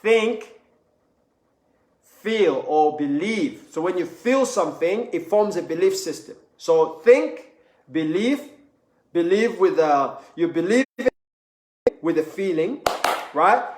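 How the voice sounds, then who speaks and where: Unhurried and expressive, a man with a high voice gives a motivational talk in a roomy-sounding space. He is emphatic and repetitive, acting out any speech he quotes.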